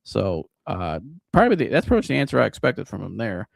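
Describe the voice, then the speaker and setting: A man hosting a live sports reaction show, talking in an animated, casual, joking way with some swearing. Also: lowish voice, fast, gravelly, dry recording, clean studio sound. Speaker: sports podcast host.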